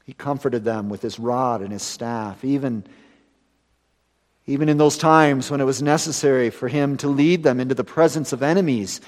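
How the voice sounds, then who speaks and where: A man preaches a Sunday sermon with a voice pitched in the middle. He swings between emphatic, ringing lines and quiet, hushed endings. The sound carries a long reverberant tail from the church around him. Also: moderate pace. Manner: earnest, rising to emphatic then dropping to hushed.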